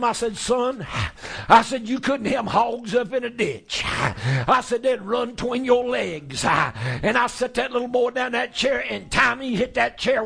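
A preacher, a man with a high, gravelly voice and a husky edge, spins a folksy story from the pulpit. His telling swells into shouting at its peaks. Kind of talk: storytelling sermon.

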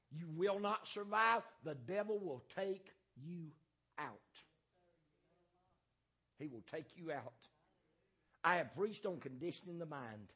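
A man preaching a fiery sermon as pastor, hammering points through repetition and filling pauses with "uh" and "um". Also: high-pitched, gravelly, pushed and bright, husky.

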